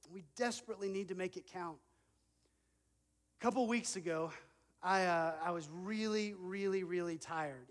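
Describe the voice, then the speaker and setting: A man in his thirties preaching a sermon, earnest and conversational, telling a personal story with self-deprecating asides. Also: sits high. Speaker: pastor. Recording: long reverb of a large hall.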